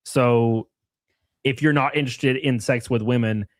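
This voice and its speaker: A man's voice: medium pitch, steady tone, a little slow, dry recording. A man streaming live, reading chat and rambling through loose, crude takes with frequent laughs. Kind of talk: casual livestream chat.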